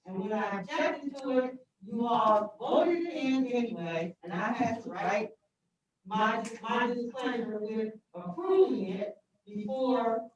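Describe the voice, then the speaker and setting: Woman, council member, firm and pointed, very echoey hall, dull distant sound, crowd murmur behind. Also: on the high side. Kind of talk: speech at a council meeting.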